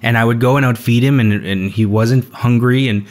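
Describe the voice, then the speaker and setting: A young man hosting a podcast, telling a story in a relaxed, rambling way with lots of fillers. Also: mid-range voice, a little fast. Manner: rambling, laid-back storyteller with frequent fillers. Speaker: podcast host. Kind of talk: casual storytelling chat.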